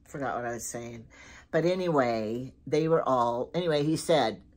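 A woman's voice: extremely low pitch, normal speed, a little mellow. A middle-aged woman chatting casually through a shopping haul, rambling from one story to the next. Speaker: lifestyle vlogger.

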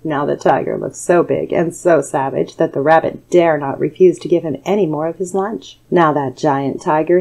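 A woman narrating a calm bedtime story in a soothing, measured way, recorded as a studio voice-over. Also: fairly low pitch, dull audio.

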